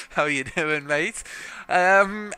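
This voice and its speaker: A man's voice: a little high, extremely slow, bright, forceful tone, clean tone. A young man from South Africa giving live sim racing commentary in a chatty, joking, self-deprecating way. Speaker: race commentator.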